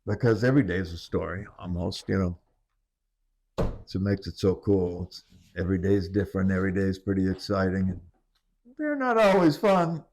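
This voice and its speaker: A man's voice: low voice, sing-song, moderate pace, darkish tone. An older man, a retired commercial fisherman from the US east coast, telling profane sea stories and laughing through them in a casual interview.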